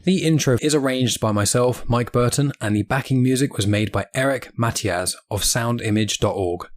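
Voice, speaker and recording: A man hosting a podcast, talking casually and relaxed, often hesitating and restarting. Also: mid-range voice, normal speed. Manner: relaxed, hesitant, lots of fillers. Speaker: podcast host. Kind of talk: casual chat.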